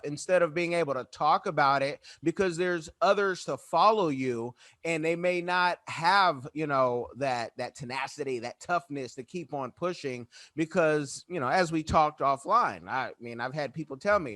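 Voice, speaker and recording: Animated high-voiced podcast host man. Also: a little slow, no room sound, clean studio sound. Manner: animated, acts out quoted remarks. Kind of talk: conversational interview.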